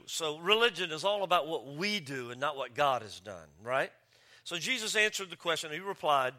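Animated, joking male pastor. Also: a little high, normal speed. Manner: joking, animated storytelling with voices. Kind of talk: sermon. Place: church campus.

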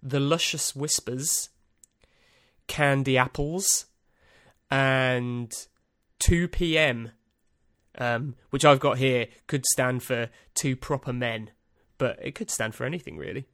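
A man's voice: medium pitch, slow pace, fairly bright tone, no echo. A man hosting a podcast, reading out a list in a rambling, dry, self-amused way with lots of ums and uhs. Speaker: podcast host. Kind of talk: casual solo podcast monologue.

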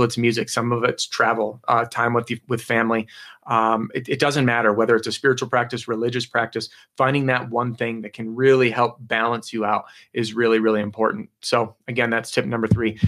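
A man coaching salespeople in a live motivational talk at a mid-range pitch. He keeps it loose and upbeat, stumbling and restarting his sentences as he goes. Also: fairly bright tone. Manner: casual and upbeat, many fillers and restarts. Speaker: sales trainer hosting a live stream.

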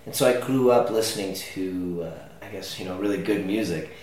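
A man's voice: low voice, moderate pace, darkish tone, recorded from a distance, a little hiss or hum. A young man, a musician, chatting casually in an interview, rambling with lots of fillers. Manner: rambling, filler-heavy, laid-back. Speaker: musician guest. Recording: roomy echo from off-mic.

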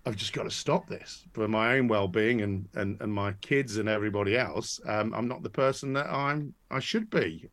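Chatty man telling his story. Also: fairly low pitch. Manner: rambling, many restarts and fillers. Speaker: podcast guest. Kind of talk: casual interview storytelling.

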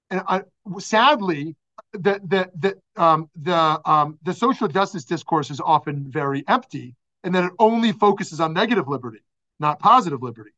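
A man's voice: high-pitched, a bit bright, dull audio. A man teaching a class as a rabbi over a video call, thoughtful and searching, with frequent restarts and fillers.

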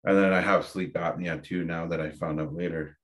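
Low-voiced man telling a story. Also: steady tone, brisk. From Ontario, Canada. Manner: candid, reflective, with frequent fillers and restarts. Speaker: podcast guest. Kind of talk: casual personal storytelling.

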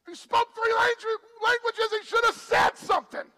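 A man's voice: very high-pitched, steady tone, moderate pace, bright, forceful tone, long reverb tail, a faint crowd, pitched above the performer's own voice. A man voicing a clueless father in a told joke, talking in a matter-of-fact way. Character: old father, clueless and unbothered.

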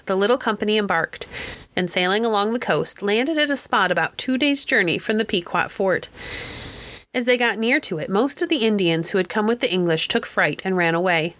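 A woman narrating a history book chapter in clear, steady storytelling. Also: medium pitch. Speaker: audiobook reader. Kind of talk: scripted narration.

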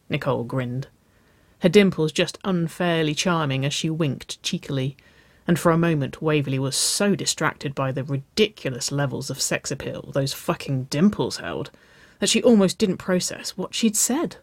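A woman with a low voice reading a story aloud in a slow, steady way. The recording is dry and close, with no room sound. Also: no echo. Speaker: narrator.

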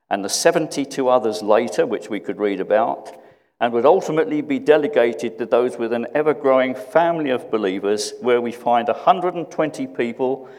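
A man preaching a sermon in a reflective way, often repeating questions and dropping to a hush. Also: medium pitch, big-room sound.

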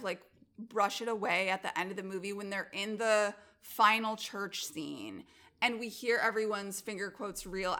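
A woman co-hosting a casual film-talk podcast, speaking at a middling pitch with a bright, forward tone. She talks with enthusiasm and leans on many filler words as she works through her thoughts. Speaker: podcast co-host.

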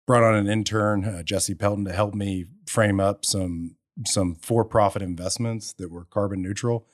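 A man's voice: low-pitched, dry recording, studio quality. A man, a podcast guest telling his story in casual chat, acting out quotes and laughing along. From Texas. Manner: animated storyteller, acts out quotes with bursts of laughter. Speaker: podcast guest, energy entrepreneur.

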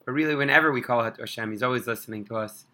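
A man telling an inspirational religious story in an animated, expressive way. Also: mid-range voice, rapid-fire.

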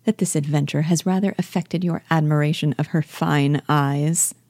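A woman reading aloud, voicing a snobbish, mocking young lady with scornful, drawn-out emphasis. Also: low voice, fairly even intonation, darkish tone, no room sound, clean studio sound. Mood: arch. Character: sneering snobbish young lady, Miss Bingley.

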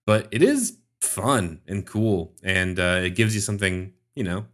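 A man with a low voice co-hosts a podcast as a religion scholar. He speaks in a wry, musing way, hedging often and filling pauses as he works through his ideas in casual chat. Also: big pitch swings, fairly bright tone. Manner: wry, musing, many fillers and hedges.

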